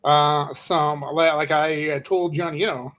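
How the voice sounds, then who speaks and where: A middle-aged man with a fairly high voice, casually co-hosting a live stream. He rambles, stops and restarts, and fills gaps with lots of "uh". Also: steady tone, a bit bright. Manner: rambling, halting with many fillers. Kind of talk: casual chat.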